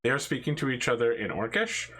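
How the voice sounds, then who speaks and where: A man's voice: mid-range voice, big pitch swings, a little fast, a bit bright. A man narrating a tabletop game as its game master, casual and amused, breaking into laughs as he describes the scene. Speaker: dungeon master.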